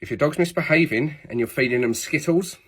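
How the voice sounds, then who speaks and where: A man's voice: a little high, brisk. A man with an English accent giving blunt, emphatic dog-training tips to camera, cursing now and then. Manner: blunt, emphatic, swears casually.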